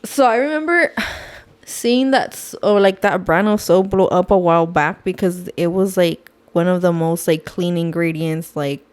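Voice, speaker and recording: A woman's voice: fairly low pitch, normal speed. A woman co-hosting a casual podcast, talking bluntly with plenty of slang and swearing. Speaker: podcast co-host.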